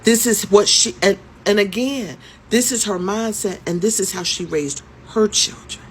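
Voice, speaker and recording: A woman's voice: mid-range voice, normal speed, slight background noise. A woman in her fifties telling a story to camera in a casual way, emphatic, repeating her points and asking rhetorical questions. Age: 50s.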